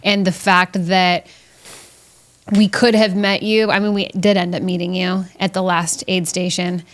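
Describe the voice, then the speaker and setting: A woman's voice: on the low side, a little slow. A woman hosting a podcast, retelling events in casual chat and acting out what others said. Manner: animated retelling, quotes others in voices. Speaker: podcast host.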